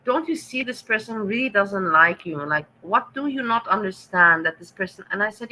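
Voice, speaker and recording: A woman's voice: medium pitch, expressive, normal speed, hardly any pauses, bright, forceful tone, a little hiss or hum, rough recording. A woman with a German accent hosting a casual livestream, reading the chat and answering viewers with sarcastic teasing.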